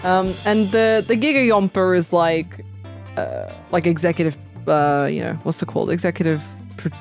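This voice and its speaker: Chatty woman, lowish voice. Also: sing-song, normal speed, gravelly, faint music behind. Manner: chatty, full of "like" fillers. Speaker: podcast co-host. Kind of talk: casual chat.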